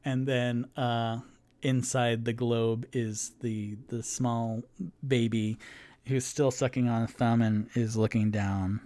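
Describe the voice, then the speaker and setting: A man narrating as game master, improvising fantasy scenes in a halting way, with many fillers and restarts. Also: mid-range voice, flat delivery, dark tone.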